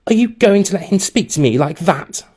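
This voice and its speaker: A man's voice: expressive, normal speed, mellow. A man voicing a sweet, cheerful schoolgirl in a storybook reading. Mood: chirpy. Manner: high and cheerful. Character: sweet chirpy schoolgirl girlfriend.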